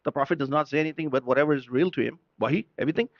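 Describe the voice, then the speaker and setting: Fast-talking man delivering an impassioned sermon. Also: fairly high pitch, no room sound, lo-fi sound. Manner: rhetorical questions, switches between English and Urdu. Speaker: preacher at a mourning gathering.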